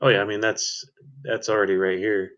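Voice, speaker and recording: Very deep-voiced man with a slight lisp. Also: flat delivery, fairly quick, fairly bright tone. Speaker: trader on live stream. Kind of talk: casual live trading chat. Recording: dull lo-fi stream audio.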